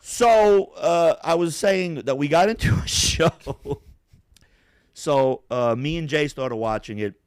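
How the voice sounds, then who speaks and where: He speaks slowly with a smooth, slightly high voice, recorded cleanly in a studio with no echo. As a podcast host in a relaxed chat, he tells an animated tale loaded with cursing and laughter.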